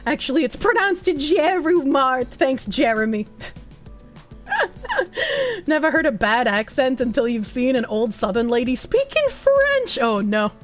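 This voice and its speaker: Playful and foul-mouthed, this Boston-accented American streamer in her young adult years reads viewer comments aloud, tossing in fast asides and laughter. Her voice is high-pitched and animated, with soft music in the background.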